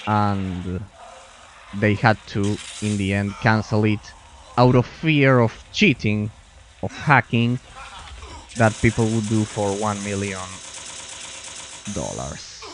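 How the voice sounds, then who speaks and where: Slow, low-voiced man commenting on gameplay. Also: slight background noise. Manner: rambling, frequent restarts and muttered asides while playing. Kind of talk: casual let's-play commentary.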